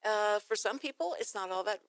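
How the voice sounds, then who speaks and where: A woman hosting a talk show, chatting with a guest in an encouraging, expressive way. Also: brisk, clean tone, no room sound. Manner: expressive, encouraging, lively pitch. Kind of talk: casual interview chat.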